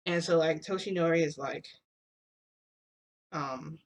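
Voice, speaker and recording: A woman vlogger telling a casual story, rambling and excitable, often correcting herself. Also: lowish voice, slow pace, pauses often.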